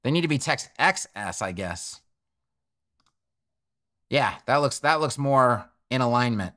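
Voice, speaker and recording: A man's voice: medium pitch, expressive, unhurried, fairly bright tone. A man giving a screen-recorded coding tutorial, thinking aloud and correcting himself as he clicks through settings. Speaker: web development tutor.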